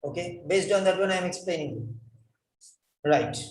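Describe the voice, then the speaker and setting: A man's voice: sits high, moderate pace, recorded from a distance. A man teaching English pronunciation, spelling out words letter by letter and repeating them carefully. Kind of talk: spoken English lesson. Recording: echoey room, voice from off-mic.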